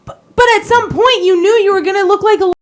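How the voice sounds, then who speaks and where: Female co-host with a high voice who argues point by point. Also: fast. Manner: argumentative, reasoning point by point. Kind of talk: political talk show.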